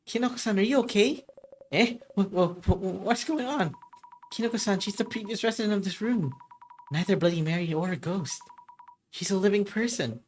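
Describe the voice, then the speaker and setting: A streamer reading a mystery game's dialogue aloud on a live stream in shifting, animated voices. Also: mid-range voice, moderate pace, slight background noise.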